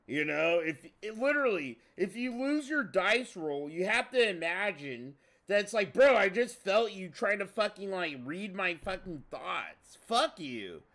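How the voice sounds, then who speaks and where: A man commenting on a gameplay video in casual, profane chat, excitable and swearing often. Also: fairly high pitch. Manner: excitable, swears a lot, says bro often. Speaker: streamer reacting to a gameplay video.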